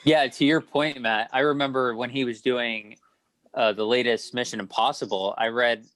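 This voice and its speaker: A man of ordinary pitch talks loosely on a film podcast, circling back and correcting himself as he tells a story. The sound is close and dry, with no room around it. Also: steady tone, moderate pace, a bit bright, dry recording, rough recording. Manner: rambling, self-correcting, storytelling. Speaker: podcast co-host. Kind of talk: casual chat.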